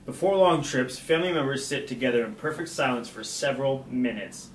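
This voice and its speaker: A man's voice: medium pitch, expressive, fairly quick, slight background noise. A young man co-hosting a snack review, reading trivia aloud in a laid-back way. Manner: laid-back, laughs easily. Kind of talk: casual chat reading trivia. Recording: echoey room, mic at a distance.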